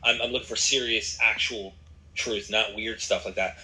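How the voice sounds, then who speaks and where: Laid-back male podcaster with a sharp, bright tone, slangy. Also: lowish voice, fairly even intonation, normal speed, rough recording. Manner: laid-back, slangy, says dude and bro. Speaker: podcast host. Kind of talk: casual podcast conversation.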